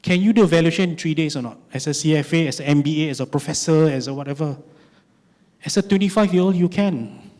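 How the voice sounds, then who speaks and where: A man in his forties with a Malaysian English accent, giving an animated conference talk, telling stories and asking rhetorical questions. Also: fairly high pitch, quick pace. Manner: animated storytelling, lots of rhetorical "right?". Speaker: conference speaker.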